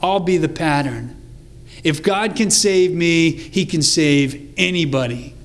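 A man's voice: fairly high pitch, slow. A man preaching a sermon in an earnest, conversational way, reading scripture aloud with emphasis. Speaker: pastor.

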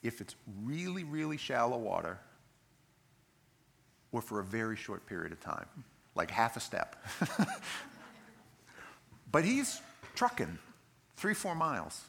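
Animated male preacher, bright lively voice. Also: medium pitch, measured pace, vocal fry, long pauses, slight background noise. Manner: animated storytelling, acting out scenes. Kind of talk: sermon.

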